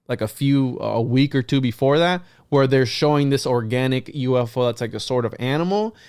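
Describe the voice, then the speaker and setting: A man hosting a podcast, telling a story to his guests in a casual, animated way and acting out what people said. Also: medium pitch, clear, resonant tone, dry recording, studio quality. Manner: animated storyteller, quotes people in lively voices, frequent restarts. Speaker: podcast host.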